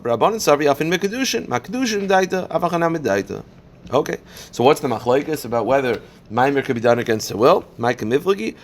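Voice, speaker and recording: Male rabbi in a mid-range voice who leads a Talmud class, walks through each point and keeps asking and answering his own questions. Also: mid-range voice. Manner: explains step by step, poses and answers questions; reads Aramaic passages quickly, then translates.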